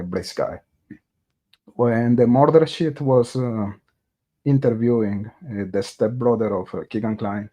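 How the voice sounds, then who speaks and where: A man hosting a true crime livestream, talking slowly and unhurriedly in a lowish, mellow voice. His speech is hesitant, full of fillers and restarts, as he thinks aloud and chats with viewers. The tone stays casual and conversational throughout. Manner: reads viewer chat aloud and greets viewers.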